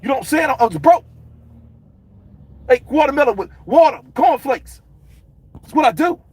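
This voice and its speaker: A man doing an impression of a brash, hot-tempered heavyweight boxer who yells profane taunts and swaggering boasts. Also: extremely high pitch, very animated, normal speed, dry recording, pitched above the performer's own voice. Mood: bragging.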